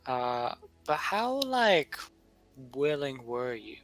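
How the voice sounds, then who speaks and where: A man voicing a hesitant adult male traveler who speaks haltingly, with fillers, in a tabletop game. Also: mid-range voice, very animated, a bit bright, faint music behind. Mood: probing.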